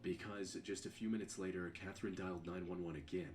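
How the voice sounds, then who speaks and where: Deep-voiced man narrating true crime. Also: steady tone, fast, darkish tone.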